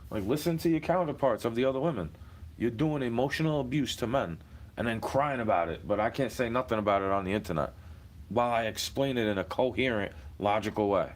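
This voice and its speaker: A man ranting to the camera in a heated, profane, rambling monologue. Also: medium pitch.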